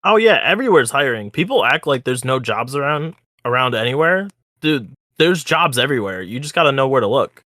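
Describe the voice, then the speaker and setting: A podcast co-host chatting casually and teasing his friends with mock accusations. His pitch swings widely around a middle level, and his voice sounds dry and close. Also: sing-song, a little fast, pushed and bright, dry recording. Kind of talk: casual chat.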